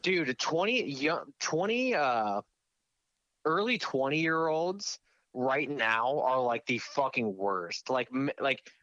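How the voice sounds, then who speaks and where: Podcast co-host, man, bright and animated, profane reactive banter. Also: mid-range voice, slow pace, no echo, highs cut off. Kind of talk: casual podcast chat.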